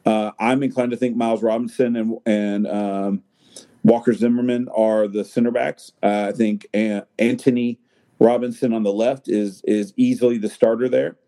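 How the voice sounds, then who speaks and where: A man's voice: on the low side, fairly even intonation, moderate pace, mellow. A man talking soccer in a loose, rambling way, with lots of fillers and restarts. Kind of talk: casual chat.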